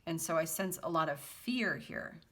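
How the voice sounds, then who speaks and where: A woman's voice: deep voice, lively intonation, normal speed, a bit bright. A woman doing a casual tarot reading for her viewers, chatty and prone to fits of laughter. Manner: giggly, chatty, breaks into laughter often; reads song lyrics aloud in a half-sung lilt. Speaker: tarot reader.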